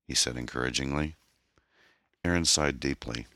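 A man reading a novel aloud as narrator, in an expressive, measured storytelling style. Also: rumbling low, gravelly, no room sound, studio quality. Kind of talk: audiobook narration.

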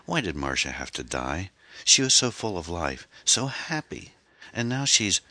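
Casting: man reading as a tearful middle-aged ex-wife, pleading, voice pitched up from a very deep base. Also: animated, a little fast, a bit bright, no echo. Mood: tearful grief.

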